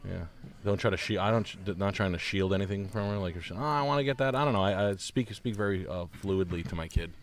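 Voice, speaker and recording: A man's voice: sits low, fairly even intonation, quick pace. Young male host, easygoing chat, laughs a lot and throws in impressions. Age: young adult. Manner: laid-back, laughing, acts out voices in stories. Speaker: stream host. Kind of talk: casual chat.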